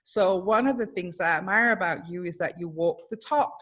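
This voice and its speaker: A woman's voice: on the low side, normal speed, fairly bright tone. A woman psychologist hosting a casual webinar conversation over a video call, talking in an effusive way with many fillers and restarts. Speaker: host, psychologist.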